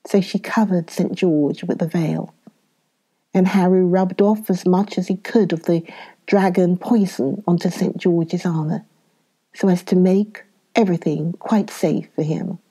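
Woman reading a bedtime story, slow, mellow warm tone. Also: lowish voice, steady tone, husky.

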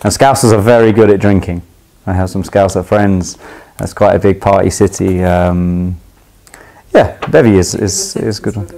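A young London footballer with a clear London accent explains slang to camera in a low, mellow voice, at a moderate pace with fairly even intonation. Chatty and loose, he stumbles through restarts and fillers and laughs easily. The recording is low quality.

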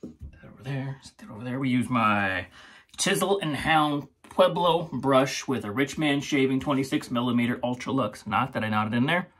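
A man's voice: medium pitch, normal speed, fairly bright tone, slightly rough. A man hosting his own shaving channel, chatting casually and rambling through a product review, laughing often.

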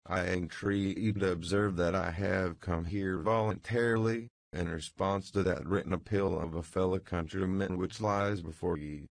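A man narrating a novel, voicing an anxious gentleman prisoner in his thirties who speaks earnestly and pleads. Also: deep voice, steady tone, normal speed, vocal fry, few pauses. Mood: pleading.

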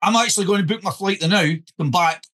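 Lively high-voiced Scottish man. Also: fast talker. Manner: animated storyteller, keeps saying "listen". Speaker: podcast host. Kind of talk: casual podcast chat.

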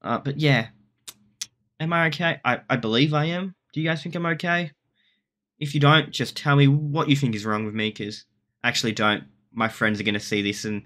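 Here an Australian YouTuber in a casual vlog talks with a sharp tone in a mid-range voice. He wanders off track, jokes at his own expense, and often begins sentences again.

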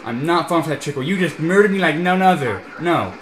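A young man doing let's play commentary, ranting in frustration at a racing game and mixing shouts with laughter. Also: fairly high pitch, expressive, fast, slight background noise. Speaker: gameplay commentator. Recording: echoey room with game music.

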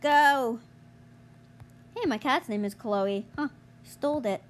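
A young woman commentating her gameplay, exasperated and groaning, yelling at other players to get out of her way. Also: sits high, takes it slowly. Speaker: gamer streamer.

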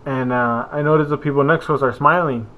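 A man's voice: medium pitch, fairly even intonation, quick pace. Rambling young man on a tinny phone-like line. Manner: meandering, full of fillers and self-corrections. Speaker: vlogger. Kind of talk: rambling casual vlog. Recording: phone-like narrow sound.

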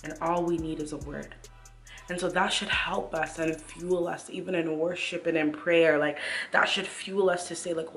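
A young woman shares an earnest devotional talk to camera in a slightly low voice, leaning on casual fillers as she encourages her viewers. Soft music plays faintly underneath. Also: steady tone, moderate pace. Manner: earnest and encouraging, many "like" and "you know what I mean". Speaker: Christian vlogger.

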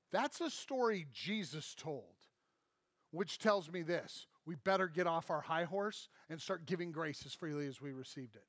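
A man's voice: a little high, expressive, normal speed, a bit bright, no echo. A man preaching a sermon in an emphatic, conversational way, often checking in with "right?". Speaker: pastor. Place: church.

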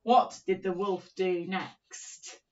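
Slow, sing-song woman teaching phonics. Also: fairly low pitch, fairly even intonation, a little mellow. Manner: encouraging, slow and sing-song, sounding out words. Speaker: primary teacher. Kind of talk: phonics lesson for young children. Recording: dull, slightly distant recording.

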